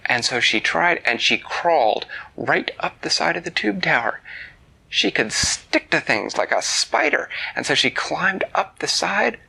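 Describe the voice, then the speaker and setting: Gravelly, animated bedtime storyteller man. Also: fairly high pitch, a little slow, rough recording. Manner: playful, drops into whispers. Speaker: parent storyteller. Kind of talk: improvised bedtime story narration.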